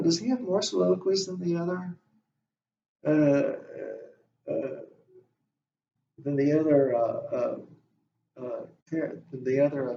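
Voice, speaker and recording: A male instructor lecturing on a play, talking haltingly with many fillers and restarts. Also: a little high, a little mellow, a little hiss or hum. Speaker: literature instructor. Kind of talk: classroom lecture. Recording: echoey room, distant mic, dull sound.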